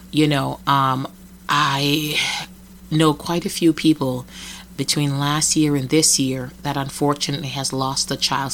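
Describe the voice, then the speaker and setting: A woman's voice: rumbling low, a bit bright, slight background noise. A middle-aged woman from Jamaica hosting a reflective solo podcast, talking earnestly with many "you know" and "right?" asides. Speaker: podcast host.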